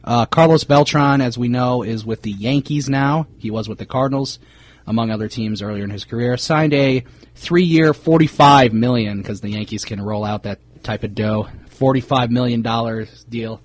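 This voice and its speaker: A man's voice: medium pitch, moderate pace, a little hiss or hum. A man co-hosting a sports podcast, chatting casually with many fillers as he runs through player news. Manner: relaxed, many fillers, reads off player signings. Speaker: podcast co-host.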